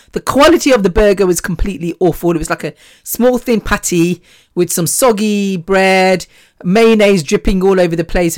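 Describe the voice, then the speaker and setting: A woman's voice: fairly low pitch, no echo, studio quality. A woman hosting a solo podcast, telling rambling, scatterbrained stories in a chatty way. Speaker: podcast host.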